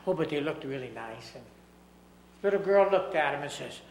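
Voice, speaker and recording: A man preaching, telling a story with dramatic swings from loud to hushed. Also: on the high side, normal speed, roomy sound, slight background noise, poor audio. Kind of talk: sermon storytelling.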